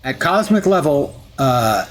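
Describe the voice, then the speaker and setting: A man's voice: a little high, big pitch swings, takes it slowly. A man streaming live, chatting through gameplay with wry asides and jokes.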